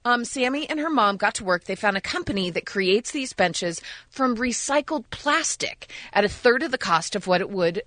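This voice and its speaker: A woman's voice: mid-range voice, animated, moderate pace, hardly any pauses, fairly bright tone, no room sound. A woman co-hosting a radio show, telling an upbeat good-news story with enthusiasm and light teasing. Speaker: radio co-host.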